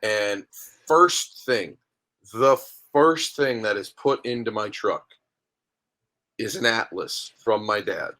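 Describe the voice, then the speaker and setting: A man, a guest on a podcast, chatting casually and telling animated stories with acted-out dialogue. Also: on the low side, slow pace. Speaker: guest, minor league hockey goalie. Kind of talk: casual interview chat.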